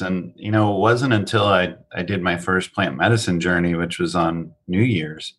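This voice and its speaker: A man with a very low voice talks in a relaxed podcast chat. He reflects openly and gropes for his words as he goes. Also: moderate pace, hardly any pauses.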